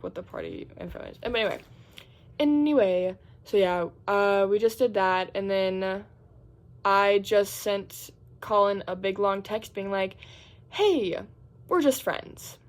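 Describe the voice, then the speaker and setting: A young woman, a college student, chatting casually about her day in a vlog, filling her talk with "like" and acting out what people said. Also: mid-range voice. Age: young adult. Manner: chatty, heavy use of "like"; acts out quotes in squeals and groans.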